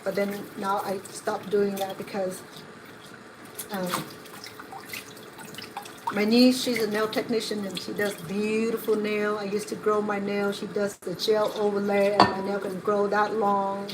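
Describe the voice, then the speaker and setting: A woman's voice: mid-range voice, level tone, a little slow. A middle-aged woman hosting a cooking vlog, telling rambling, digressive stories as she cooks at home. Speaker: home cook and channel host. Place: home kitchen. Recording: kitchen with running water noise.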